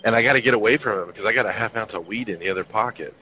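A rapid-fire talker with a fairly low voice, this fifty-something man tells army stories in a relaxed, profane, wry way during casual conversation. It's a dull lo-fi recording with faint ambience.

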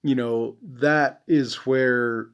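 A man's voice: medium pitch, steady tone, drawn-out words, smooth. Cursing man ranting on a podcast. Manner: angry, profane ranting full of "you know"; voice drops and trails off at ends of phrases. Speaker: podcast host. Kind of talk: casual monologue.

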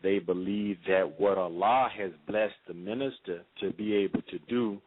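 A man with a fairly low voice appears as a radio interview guest, speaking in a measured, preacherly cadence full of pauses and fillers. His audio sounds thin and narrow, like a phone line.

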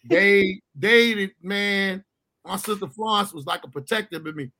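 A man with a bright, high voice tells a wild story from his childhood. He swears freely, laughs as he goes and jumps into voices for the people in it. His delivery is loud, loose and full of energy. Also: a little slow. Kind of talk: profane comic storytelling chat.

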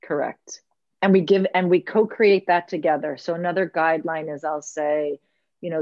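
A woman's voice: low-pitched, fairly even intonation, normal speed, a little mellow, no echo. A woman guest who leads circles, telling earnest, reflective stories and acting out what others said. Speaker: podcast guest, circle facilitator. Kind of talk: podcast conversation. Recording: slightly dull, lo-fi audio.

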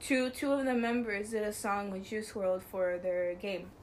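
A woman's voice: mid-range voice, steady tone, measured pace, a little hiss or hum. A young woman co-hosting a podcast, chatting casually in a giggly, rambling way and apologizing often. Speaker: podcast co-host. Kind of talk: casual chat.

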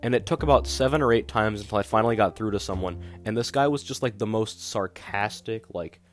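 A man's voice: fairly low pitch, brisk. A young man hosting a podcast, talking casually in a rambling, exasperated way with lots of fillers. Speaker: podcast host. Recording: guitar music playing underneath.

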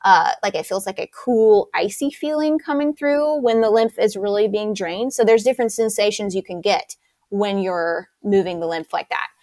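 Casting: woman instructor, keen explainer, dry close recording, mid-pitched. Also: normal speed, darkish tone, no room sound. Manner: enthusiastic and detailed explainer. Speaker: movement instructor. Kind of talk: explanatory interview answers.

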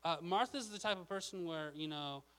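Casual male preacher, a bit high, bright tone, conversational. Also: normal speed, low-quality recording. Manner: casual, chatty, lots of "okay?". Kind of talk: sermon.

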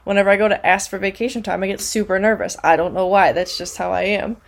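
A woman chatting casually as a podcast co-host, retelling scenes with animated energy. She slips into short quoted voices as she describes what happened. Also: medium pitch, fast, vocal fry. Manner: animated storytelling, acts out quotes. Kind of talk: casual chat.

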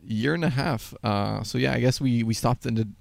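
A man's voice: mid-range voice, moderate pace, gravelly, no echo, studio quality. A man hosting a casual gaming podcast, rambling and joking with frequent laughs. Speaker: podcast host.

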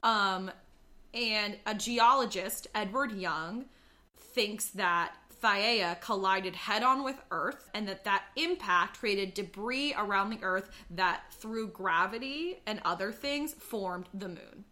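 A woman's voice: mid-range voice, slow, bright, forceful tone. A woman co-hosting a casual podcast, explaining facts in a chatty way with frequent ums. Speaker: podcast co-host. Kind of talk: casual chat.

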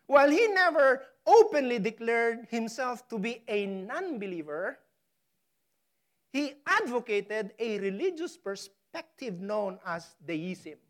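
A woman preaching a sermon, stressing key words hard and pausing for effect. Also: a little high, big pitch swings. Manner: emphatic, dramatic pauses on key words; slow, deliberate delivery. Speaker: pastor.

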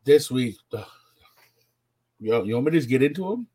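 A young man co-hosting a podcast, telling stories in an animated, profane way. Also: mid-range voice, moderate pace, husky. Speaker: podcast co-host. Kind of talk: casual chat.

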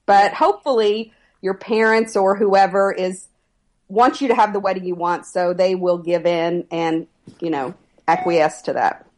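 A middle-aged woman, an etiquette expert, calmly giving advice as a podcast guest. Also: fairly low pitch. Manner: measured, advising, steady. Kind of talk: podcast interview answers.

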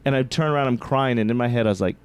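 A man's voice: medium pitch, very fast, clean tone. A man, a comedian, telling a story in a casual podcast chat and acting out the people he quotes. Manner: animated storyteller, acts out quotes in raised voice. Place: podcast studio.

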